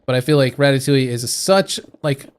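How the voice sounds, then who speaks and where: A young man chats casually on a live stream, rambling through his thoughts with fillers and false starts. His voice sits at an ordinary middle pitch. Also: a little fast, clear, resonant tone. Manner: rambling, thinking aloud with fillers and restarts. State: hiccuping.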